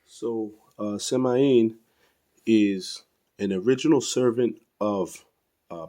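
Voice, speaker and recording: Rambling, mellow-voiced man reviewing toys. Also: lowish voice, a little slow. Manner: rambling, hesitant, many fillers and restarts; self-deprecating, fumbles pronouncing names. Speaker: toy reviewer. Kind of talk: casual unscripted toy review.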